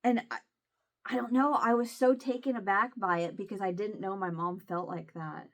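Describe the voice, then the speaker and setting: Woman vlogger with a Southern Illinois accent, casual chat, halting and emotional, near tears, mid pitch. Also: steady tone. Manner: halting, emotional, many restarts.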